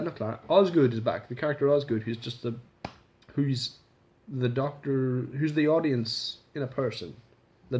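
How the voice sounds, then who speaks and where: A man's voice: mid-range voice, a little mellow. A man casually reviewing a TV episode in a rambling vlog, swearing freely and restarting his sentences. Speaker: video reviewer.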